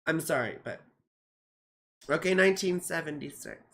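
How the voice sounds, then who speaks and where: Her voice is low-pitched with lively intonation at a normal speed. She's a woman in her forties from the United States, a goofy astrologer who rambles through live chart readings on a casual livestream chat and swears freely. Even so, she seems tired, keeps yawning, and is a bit out of it.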